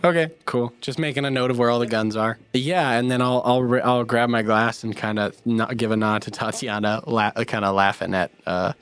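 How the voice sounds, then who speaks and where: A man's voice: medium pitch, fairly even intonation, normal speed, hardly any pauses, fairly bright tone, smooth, no room sound. A man playing in a tabletop game, talking casually and rambling with many fillers. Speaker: player. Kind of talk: casual chat.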